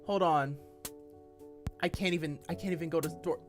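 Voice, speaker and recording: A woman's voice: low voice, fairly even intonation, moderate pace, music in the background. A woman streaming a game live, talking bluntly to her chat and swearing heavily in frustration.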